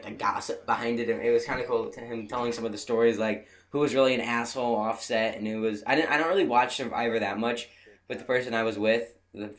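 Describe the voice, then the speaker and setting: A young man telling a rambling travel story in a casual way, full of restarts and fillers, laughing at his own jokes. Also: lowish voice. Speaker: video creator.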